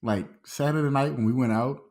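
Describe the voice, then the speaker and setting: A man's voice: medium pitch, brisk, a little mellow. A man co-hosting a casual podcast chat, laid-back and joking with profane banter. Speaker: podcast co-host.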